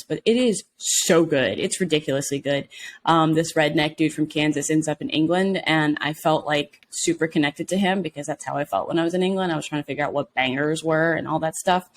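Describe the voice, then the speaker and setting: A woman from Mississippi with a Southern accent, co-hosting a podcast in casual, animated chat and swearing freely. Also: low-pitched. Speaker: podcast co-host.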